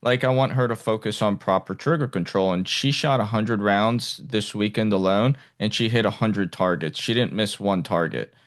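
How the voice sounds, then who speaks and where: Low-voiced man hosting a podcast. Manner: halting, restarts with many "like"s. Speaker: podcast host. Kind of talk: casual interview chat.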